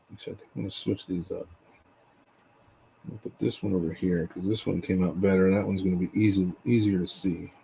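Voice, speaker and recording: A man casually talking through a scale model build as he works, relaxed and rambling. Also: low-pitched, vocal fry, a little hiss or hum, low-quality recording. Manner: relaxed, rambling, tells stories while working.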